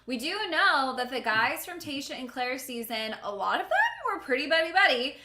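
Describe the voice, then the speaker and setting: A woman's voice: sits high, very animated, moderate pace, reverberant, noisy background. A woman hosting a casual chat, prompting her co-hosts with questions. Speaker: host.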